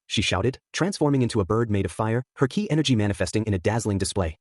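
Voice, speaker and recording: A man reads a fan fiction story at a quick clip, his voice husky and a little rough around the edges. The sound is dry and close, with no room around it. He lifts his pitch to voice the characters in between the narration. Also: dry recording. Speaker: fanfic narrator.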